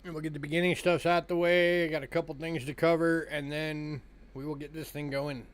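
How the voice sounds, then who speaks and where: A man chats casually as host of a live coin sale stream. His voice sits a little high for a man, and he talks in a loose, relaxed way, filling time with easy remarks to his viewers. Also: brisk. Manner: relaxed, chatty, yawning between remarks. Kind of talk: casual livestream chat.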